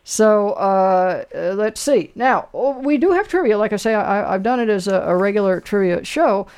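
A man's voice: high voice, lively intonation, moderate pace, darkish tone, smooth. A man hosting a call-in trivia radio show in a chatty, casual way, full of fillers and restarts. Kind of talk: casual live radio chat.

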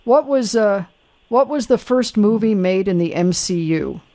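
This is a casual live radio chat from a call-in trivia show, led by a man whose high voice is expressive, mellow and unhurried. He rambles along with lots of fillers and restarts.

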